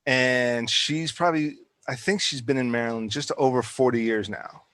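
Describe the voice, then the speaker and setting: A man's voice: medium pitch, moderate pace, a bit bright, dry recording. A man who acts, talking casually in a podcast interview, rambling and restarting his sentences often. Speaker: actor and guest. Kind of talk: casual conversation.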